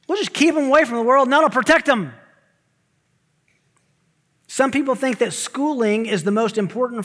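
A man preaching a sermon as pastor, emphatic, with quick asides and rising exclamations. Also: high voice. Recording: long hall reverb.

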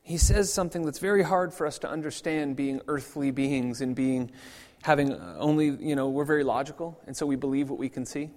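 A man's voice: mid-range voice, fairly quick, few pauses, darkish tone. A man preaching a sermon as a pastor, in a conversational way with frequent repeated restarts. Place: church sanctuary. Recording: long church reverb.

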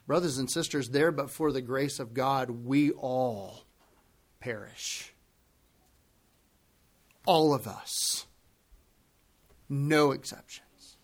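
Slow, earnest male preacher. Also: medium pitch. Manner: earnest preacher who acts out quoted voices, swings from hushed to loud. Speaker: pastor. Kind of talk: expository sermon.

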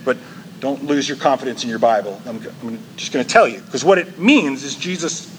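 A man's voice: mid-range voice, lively intonation, brisk, a little hiss or hum, rough recording. A male pastor preaching a sermon in a church, emphatic and conversational, with frequent asides to the congregation.

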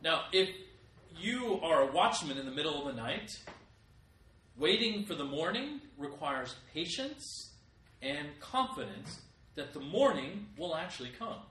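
A man's voice: fairly high pitch, big pitch swings, unhurried, bright, forceful tone. A middle-aged man preaching a sermon as pastor, with emphatic rises in volume. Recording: echoey room, voice from a distance.

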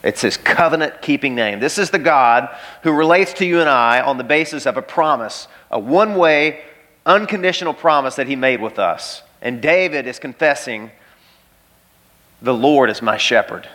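A man's voice: medium pitch, animated, normal speed, pushed and bright. A pastor preaching an emphatic sermon in a church, repeating key phrases and speaking straight to his listeners.

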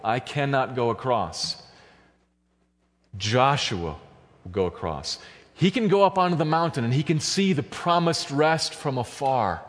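A man preaching a sermon, walking through a passage and building to fervent, high-pitched emphasis. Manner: builds to loud, high-pitched fervor at climaxes. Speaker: pastor. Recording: long church hall reverb.

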